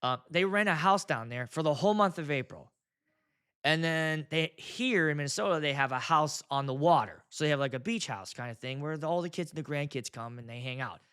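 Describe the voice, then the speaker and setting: A man's voice: on the high side, lively intonation, brisk, a bit bright, clean tone. A man in his thirties, a wedding DJ, talking in a blunt, profane, casual monologue. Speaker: wedding DJ and video host.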